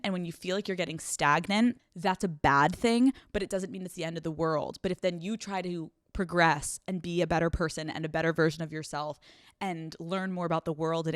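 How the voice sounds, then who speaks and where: A woman hosting a podcast, giving casual relationship advice in a blunt, profane and animated way, running on no sleep. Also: fairly low pitch, no room sound, studio quality. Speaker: podcast host.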